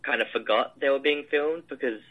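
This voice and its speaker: A man's voice: medium pitch, brisk, narrow, tinny audio. A man, a film director, describing his shoot in a casual interview, rambling with many fillers and restarts.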